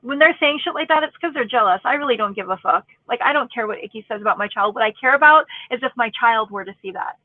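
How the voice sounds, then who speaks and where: A woman's voice: a little high, expressive, fast talker, few pauses, no room sound. A woman in her forties ranting angrily in casual, profane, sarcastic commentary as a YouTube commentator. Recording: tinny phone-like audio, dry.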